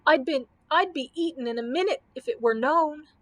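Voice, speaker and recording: A woman voicing a huge, cowardly candy giant who pleads in high, loud wails in a storybook reading. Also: normal speed, no echo. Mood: wailing. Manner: high, loud, wailing pleas.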